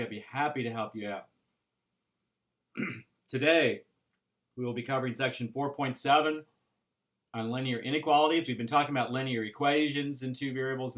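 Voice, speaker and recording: A man teaching an algebra class, explaining step by step in a patient way with frequent pauses and "right?" checks. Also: medium pitch, a bit bright. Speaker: math instructor. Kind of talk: recorded classroom lecture.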